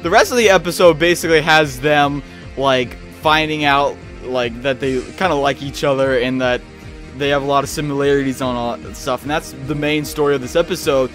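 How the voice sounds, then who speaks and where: A man giving a rambling, excitable casual review of a cartoon episode, often restarting his sentences. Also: mid-range voice, fairly quick, soft background music.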